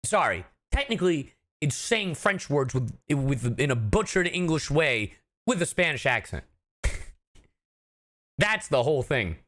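A man who is a voice actor chatting casually with his livestream chat, animated and talkative, laughing often. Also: a little high, slow pace. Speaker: voice actor streaming a reaction.

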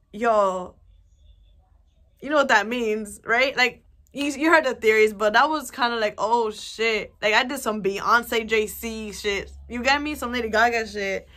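A young woman vlogger telling a personal story in a casual, rambling way, full of fillers and swearing. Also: a little high. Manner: rambling, animated, swears a lot, many fillers.

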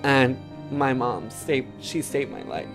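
A woman's voice: very deep voice, lively intonation, slow, over music. A woman from Wisconsin telling a painful personal story in an interview, casual with many fillers, fighting back tears. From Wisconsin, United States.

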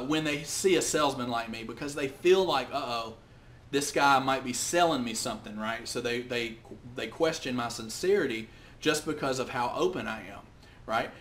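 A man's voice: mid-range voice, expressive, normal speed, a bit bright, slight background noise. An outgoing man hosting a short business tip video, talking casually to the camera with many restarts. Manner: outgoing, chatty, with frequent restarts and quoted voices. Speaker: host of business tips videos.

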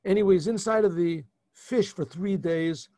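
A man, a rabbi, retelling a scripture story to his class in an animated way, often restarting and adding asides. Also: high voice, unhurried, dry recording, studio quality. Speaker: rabbi teaching a yeshiva class. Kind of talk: informal storytelling lesson.

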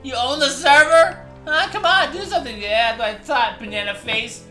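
A woman playing an online game, teasing another player and shouting playfully in casual chat. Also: sits high, fairly quick, echoey room, faint music behind.

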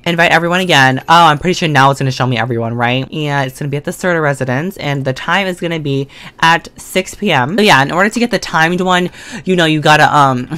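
Chatty low-voiced woman playing a life-sim game. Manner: chatty and slangy, talks to the game characters, sudden excited or mock-scared outbursts. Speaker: gaming video creator. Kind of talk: casual let's-play commentary. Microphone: desk condenser mic.

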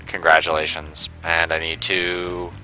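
A very deep-voiced man talks through a racing game in a loose, rambling way. His tone is bright and forceful, sarcastic, with a lot of "like" in every sentence. Faint game music plays behind him. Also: completely flat delivery, a little slow, poor audio. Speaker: gameplay commentator. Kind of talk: casual let's-play commentary.

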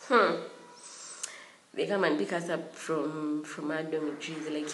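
A young woman tells a storytime tale with lively energy and frequent giggles. Her voice sits a little low, and the room adds a noticeable echo. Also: measured pace, a little hiss or hum. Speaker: vlogger. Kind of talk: storytime vlog.

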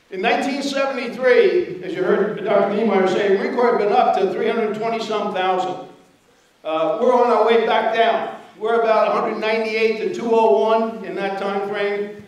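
An older man giving a storytelling history lecture, conversational, often checking in with his audience. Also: high voice. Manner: storytelling, conversational, asks okay. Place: lecture hall. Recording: very echoey hall from far off.

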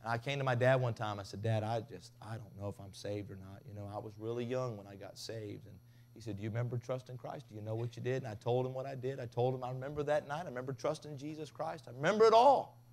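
A man preaching a revival sermon, telling stories with big swings from loud to hushed. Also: medium pitch, quick pace, slight background noise. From Tennessee. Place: revival tent.

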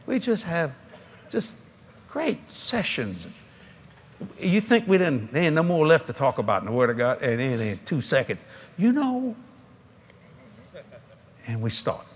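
A man's voice: on the high side, moderate pace, pauses often, breathy edge. A middle-aged man, preaching a sermon in a folksy storytelling way at a large convention. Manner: folksy, animated storytelling with laughter.

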